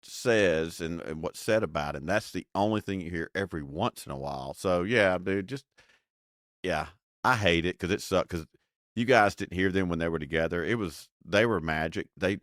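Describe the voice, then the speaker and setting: A man's voice: low voice, moderate pace, fairly bright tone, dry recording, studio quality. A man co-hosting a casual radio-style podcast, rambling and laid-back with plenty of fillers. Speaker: podcast co-host. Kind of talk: casual radio-show chat.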